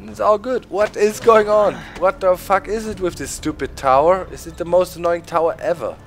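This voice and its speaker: A man's voice: high-pitched, fairly even intonation, moderate pace, soft background music. A man whose first language is German, commentating his gameplay live and swearing in frustrated outbursts at the game. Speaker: gaming video host.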